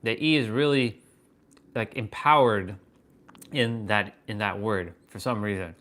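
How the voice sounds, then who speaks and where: Halting, marveling man thinking aloud. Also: on the low side. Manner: wondering aloud, halting, excited swearing. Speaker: fitness and wisdom livestream host. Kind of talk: live stream musing.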